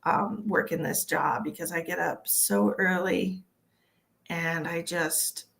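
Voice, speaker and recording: A woman's voice: lowish voice, fairly even intonation, slow, gravelly, a bit bright. A woman hosting a casual psychic livestream from home, chatty and tired, greeting viewers by name and swearing freely. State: tired from early work hours. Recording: echoey room.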